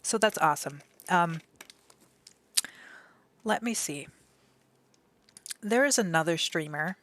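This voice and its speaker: A young adult woman streaming from home, talking in a gentle, emotional way with many fillers and restarts. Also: lowish voice, lively intonation, slow. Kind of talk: casual live-stream chat.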